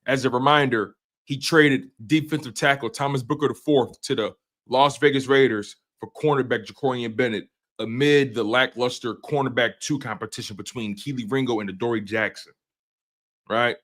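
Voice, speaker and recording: A man's voice: medium pitch, moderate pace, a bit bright. A man hosting a live sports stream, breaking down team news and ranting heatedly at rival fans. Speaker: sports show host.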